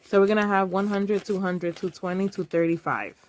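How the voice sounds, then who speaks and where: A woman's voice: medium pitch, fairly even intonation, a little fast. A woman in her thirties, talking casually and emotionally to camera while counting cash aloud. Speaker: vlogger.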